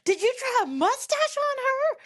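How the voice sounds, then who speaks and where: A woman putting on the voice of a furious young mother, shrill and yelling threats. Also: very animated, moderate pace.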